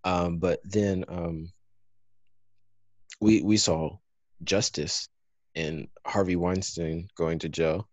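A man co-hosting a podcast in casual chat, halting and searching for words. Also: sits low, steady tone, dry recording. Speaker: podcast co-host.

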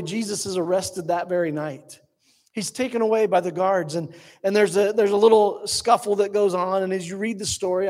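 High-voiced man preaching a sermon. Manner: storytelling, swings from quick to slow and hushed. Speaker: pastor.

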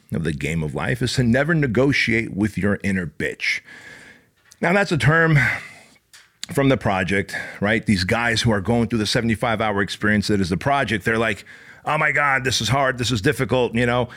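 A man's voice: on the low side, very animated, normal speed, a bit bright. A man giving a blunt, profane motivational talk, punching key words hard. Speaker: motivational speaker.

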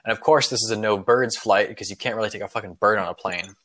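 A man's voice: lowish voice, fast talker, fairly bright tone. A man hosting a podcast, telling a long joke in loose, rambling casual chat with frequent swearing and filler. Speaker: podcast host.

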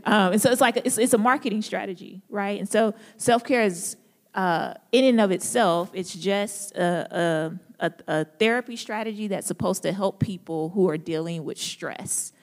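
A woman's voice: medium pitch, normal speed. A young woman speaking at a church gathering, who opens with prayer and then gives a casual, relatable talk full of jokes and laughs. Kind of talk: conversational devotional talk opened with prayer. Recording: echoey hall with long reverb.

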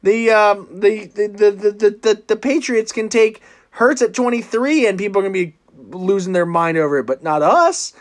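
A man hosting a casual sports podcast, animated and teasing, often breaking into loud laughs. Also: sits high, normal speed, few pauses. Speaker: podcast host.

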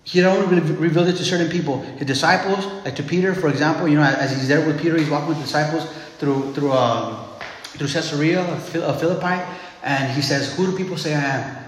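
A man's voice: fairly high pitch, fast, a little hiss or hum. A man preaching a sermon in a loose, conversational way, often calling listeners "man" and restarting his phrases. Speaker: pastor. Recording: echoey hall.

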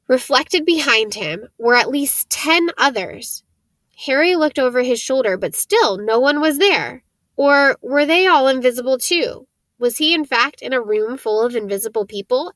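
A woman's voice: fairly high pitch, a bit bright, dry recording. Woman reading a storybook, dry and close. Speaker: audiobook reader. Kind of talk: audiobook narration.

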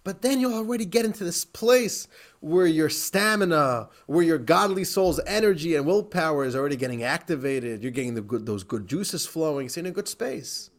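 A man, a rabbi, teaching a class in a lively, animated way, often laughing and repeating phrases for emphasis. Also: a little high, fairly quick.

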